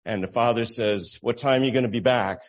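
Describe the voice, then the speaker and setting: A man telling a moral story at an easy, halting pace, chuckling now and then, in the manner of a sermon illustration. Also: mid-range voice. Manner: relaxed, halting storyteller who laughs at his own story.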